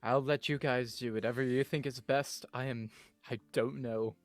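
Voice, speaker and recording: This is a man playing a tentative young traveller in a tabletop adventure. He speaks in hesitant, halting phrases and looks to others for reassurance. The sound is dry and close, with faint music underneath. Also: medium pitch, fairly even intonation, no room sound, lightly acted. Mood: unsure. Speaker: tabletop game player. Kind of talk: in-character play at a tabletop game.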